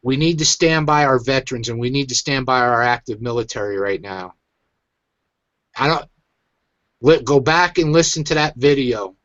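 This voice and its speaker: A man's voice: medium pitch, moderate pace, a bit bright, no room sound, muffled recording. A man hosting his own online show, venting in an agitated, emphatic rant. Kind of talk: angry ranting commentary.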